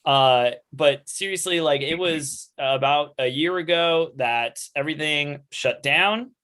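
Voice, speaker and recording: Male host, slightly high voice, loose rambling thank-you speech, video-call sound. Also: a little slow. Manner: rambling, with fillers and restarts, warm thanks. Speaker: host and organizer of online live readings. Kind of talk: casual wrap-up chat on a livestream.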